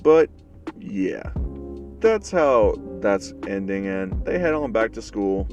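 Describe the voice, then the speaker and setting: A man's voice: fairly low pitch, big pitch swings, slow pace, recorded from a distance, over music. A man casually narrating a fan-made story in a loose, rambling way with many fillers.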